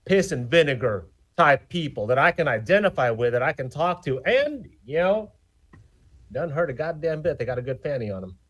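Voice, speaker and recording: A man voicing a crude, rough-talking country man on a dating show, over a video call. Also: fairly high pitch, very animated, fairly bright tone. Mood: brash. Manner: brash, swearing, drawn-out emphasis.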